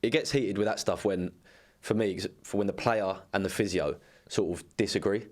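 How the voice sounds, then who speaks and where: A man's voice: fairly low pitch, steady tone, normal speed. A young man telling rambling football anecdotes in casual chat, swearing freely. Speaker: former footballer guest.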